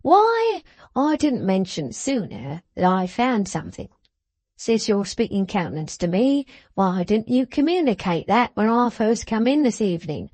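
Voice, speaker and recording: A woman voicing a pompous, scheming older man who talks in florid, drawn-out, wheedling phrases. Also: on the high side, lively intonation, darkish tone, no room sound.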